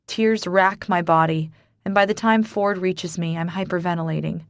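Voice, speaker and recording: A woman's voice: fairly low pitch, fairly even intonation, normal speed, no room sound, studio quality. Emotional female audiobook narrator. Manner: emotional, intimate, dramatic. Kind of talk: first-person romance audiobook narration.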